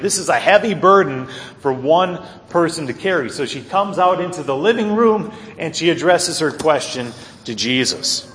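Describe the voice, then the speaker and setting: Man preaching in an echoey hall. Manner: earnest, wide swings between loud emphasis and quiet low asides. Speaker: pastor. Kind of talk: sermon.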